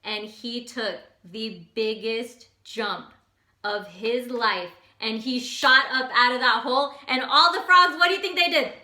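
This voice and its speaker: A woman hosting an energetic, casual motivational talk who repeats lines for emphasis. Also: fairly high pitch, measured pace. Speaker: motivational host. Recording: echoey room.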